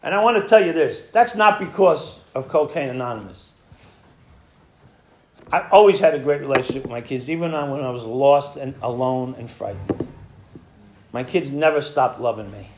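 A man's voice: medium pitch, moderate pace, darkish tone, slight background noise. A man sharing his personal recovery story at a meeting, talking conversationally, acting out old conversations and chuckling at himself. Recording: echoey room.

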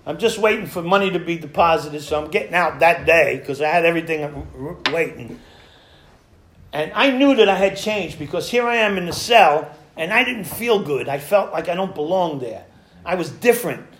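A man's voice: a little high, expressive, normal speed, fairly bright tone. A middle-aged man telling his recovery story at a meeting, acting out the other people in it. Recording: echoey room with faint noise.

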